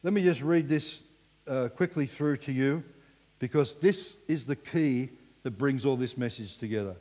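A man preaching a sermon with animated delivery, sometimes falling to a hushed emphasis. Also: mid-range voice, normal speed. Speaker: pastor. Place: church hall. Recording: long reverb in a church hall.

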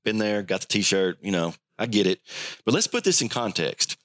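A man's voice: on the low side, normal speed. A man preaching a sermon, acting out the voices of the people he quotes. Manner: animated, acts out quoted voices. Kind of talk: sermon teaching.

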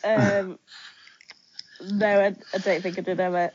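A woman guest on a casual podcast interview, answering in a relaxed, chatty way with many ums. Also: on the low side, a little slow, a little hiss or hum. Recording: dull lo-fi sound.

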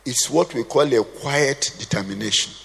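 A man's voice: medium pitch, moderate pace, vocal fry, fairly bright tone, slightly rough. A man preaching a sermon, conversational and humorous, quizzing his congregation with questions. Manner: humorous asides. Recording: long hall reverb.

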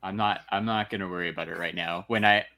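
Male co-host, relaxed and low-pitched, bright tone. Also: fast talker. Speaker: podcast co-host. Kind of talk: casual chat.

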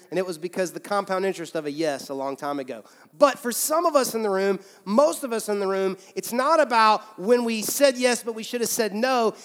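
A man's voice: a little high, big-room sound. A man, a pastor delivering a sermon in a large church, speaking in a humorous, conversational way and repeating phrases for emphasis.

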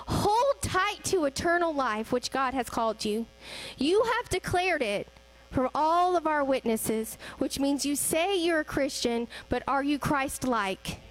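High-voiced woman preaching. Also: rough recording. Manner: conversational, addresses congregation directly, rhetorical questions. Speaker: church speaker. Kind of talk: sermon.

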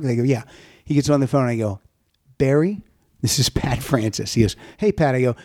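A man's voice: mid-range voice, fast, darkish tone. A middle-aged man, a comedian, telling a story in casual chat and laughing through it. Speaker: comedian guest.

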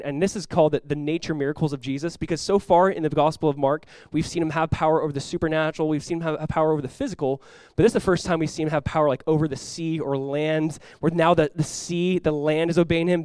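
This energetic sermon comes from a male pastor with a darkish yet clean tone, who acts out quoted speech using large shifts in pitch and volume. No room sound is present.

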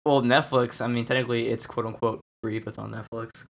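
Fast-talking man joking around. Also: mid-range voice, flat delivery, creaky, slight background noise. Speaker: podcast co-host. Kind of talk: casual movie chat.

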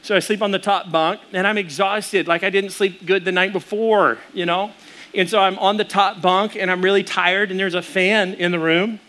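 A man's voice: sits high, steady tone, moderate pace, bright, forceful tone. A man in his thirties, a pastor preaching a sermon in a casual, storytelling way with asides to the congregation.

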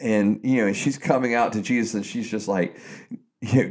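A man's voice: fairly low pitch, fairly even intonation, moderate pace, darkish tone. A man co-hosting a podcast, chatting casually about faith and retelling a story with frequent restarts. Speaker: podcast co-host.

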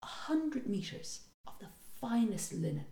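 Animated woman telling a folk tale. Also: mid-range voice, measured pace, gravelly, echoey room. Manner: animated, acts out voices, laughs often. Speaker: podcast co-host retelling a folk tale. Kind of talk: casual storytelling.

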